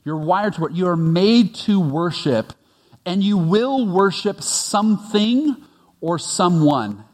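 A man's voice: sits high, lively intonation, takes it slowly, a little mellow. A man preaching a conversational sermon as pastor, telling stories with frequent restarts. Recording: long reverb of a large hall.

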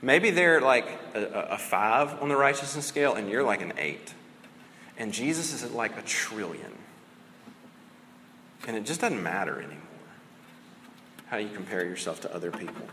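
A man's voice: on the low side, animated, moderate pace, long pauses, bright, forceful tone, big-room sound, slight background noise. A man preaching a sermon as a pastor, conversational and casual, often saying "like" and "right?".

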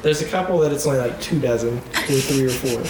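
A man's voice: medium pitch, a little fast. A man hosting a podcast in casual chat, joking with playful mock-dramatic banter. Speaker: podcast host. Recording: roomy echo, faint noise.

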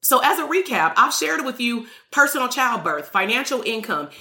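A woman's voice: mid-range voice, bright, forceful tone. A woman business coach giving a motivational monologue in a blunt, emphatic way, swearing freely. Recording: roomy echo.

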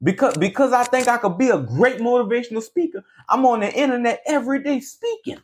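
A man's voice: very high-pitched, lively intonation, a little fast. A man hosting his own podcast, giving a motivational talk in a casual, repetitive, preachy way, often asking "you feel me". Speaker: podcast host, barber. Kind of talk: motivational monologue.

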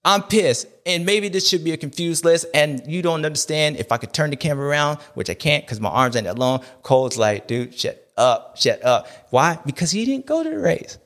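A man's voice: a little high, fairly quick, few pauses. A man hosting a race recap show, talking in a loose, slangy, joking rant that rambles from one aside to the next. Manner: animated, rambling, slangy, jokey. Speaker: show host.

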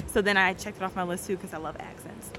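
A woman talks quickly and casually, telling a story as a guest. She is animated and jumps into the voices of her own thoughts and the people she quotes. A steady rumble sits under the recording.

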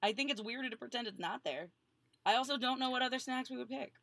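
A woman's voice: a little high, quick pace, creaky, a bit bright, dry recording. A woman co-hosting a casual podcast chat, arguing her points in a talkative way with frequent restarts. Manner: chatty, argues points with restarts. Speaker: podcast co-host.

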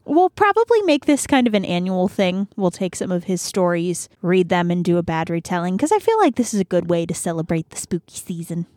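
A woman's voice: fairly low pitch, sing-song, fairly quick, few pauses, darkish tone, no room sound, clean studio sound. A young woman co-hosting a casual book podcast, chatty and amused, full of fillers. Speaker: podcast co-host.

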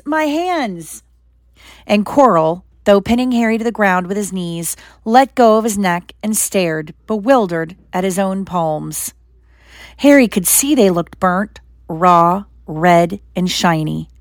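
A woman narrating a storybook aloud in an expressive storytelling manner. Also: fairly low pitch, dry recording, studio quality. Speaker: reader. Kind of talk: audiobook narration.

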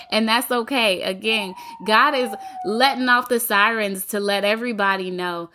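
A woman's voice: mid-range voice, a little slow, bright, forceful tone. A woman hosting her own faith-based podcast from home, speaking in an earnest, encouraging way and repeating phrases for emphasis. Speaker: podcast host. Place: home apartment, city sirens outside.

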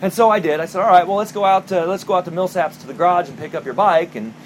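A man preaching a sermon, telling a personal story with an emphatic, animated delivery. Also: high voice, quick pace, a little hiss or hum. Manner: storytelling, emphatic, rising to near-shouting when recounting anger. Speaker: pastor.

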